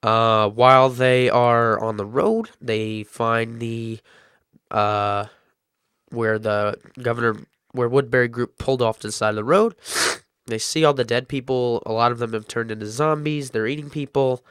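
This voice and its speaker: A man recaps and reviews a TV episode in a loose, excitable way, stacking up "uh"s and "um"s as he goes. His voice is smooth and clean, recorded dry and close with no room sound. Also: medium pitch, a little slow, no echo. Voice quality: excitable, rambling with many fillers.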